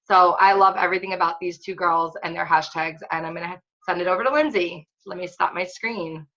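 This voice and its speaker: A woman's voice: lowish voice, fairly quick, a bit bright, muffled recording. A woman fitness coach leading a casual online training webinar, chatty and upbeat with lots of filler words.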